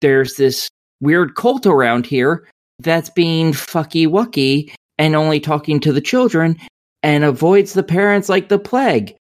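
A woman's voice: low-pitched, expressive, measured pace. A woman co-hosting a podcast, reviewing a video game in casual chat with a rambling, profane, sardonic way of talking.

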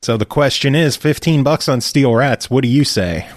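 A man's voice: medium pitch, moderate pace, no room sound, studio quality. Easygoing man hosting a podcast. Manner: easygoing, keen on games. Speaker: podcast host. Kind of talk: casual chat.

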